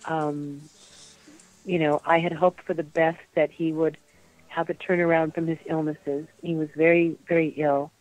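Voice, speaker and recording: A woman recalling personal memories in a soft, halting way, with many pauses, as an interview guest. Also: low voice, flat delivery, poor audio. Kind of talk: emotional personal recollection.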